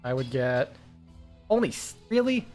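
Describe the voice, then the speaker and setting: A man's voice: medium pitch, big pitch swings, a little slow, darkish tone, faint music behind. A man casually commenting while playing a game on stream, rambling with lots of filler words and frequent swearing.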